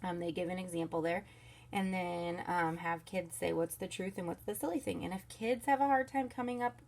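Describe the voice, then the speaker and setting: Church kids' ministry lady going over the weekly lesson, upbeat and chatty, bit of vocal fry. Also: fairly low pitch, moderate pace. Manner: upbeat, instructive, talks to volunteers directly; soothes a baby softly mid-lesson. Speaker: children's ministry leader. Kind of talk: recorded training walkthrough for volunteers. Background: crying baby.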